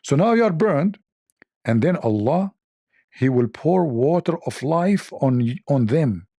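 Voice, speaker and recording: Sarcastic gravelly man. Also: a little high, lively intonation, measured pace, dark tone, no echo. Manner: sarcastic, laughs at own jokes, repeats phrases. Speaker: show host. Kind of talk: mocking religious debate commentary.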